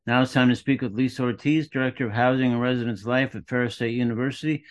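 A man hosting a radio interview show, speaking in a measured, enthusiastic way. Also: medium pitch, fairly even intonation.

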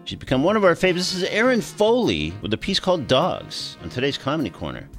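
A man's voice: fairly high pitch, huge pitch swings, fast talker, faint music behind. A man hosting a radio talk show, easygoing, reading links and interviewing guests with frequent fillers.

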